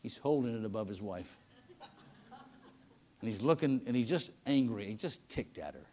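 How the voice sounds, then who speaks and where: A man preaching a sermon in a church service, telling stories in a folksy way, swinging between loud emphasis and hushed lines. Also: on the low side, expressive, moderate pace. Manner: folksy storytelling with repetitions and restarts.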